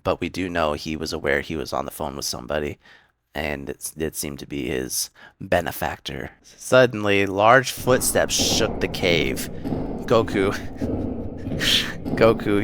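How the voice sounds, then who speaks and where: Deep-voiced man rambling through an anime recap. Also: fairly bright tone. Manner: rambling, filler-heavy retelling with quick acted quotes. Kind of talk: casual episode breakdown.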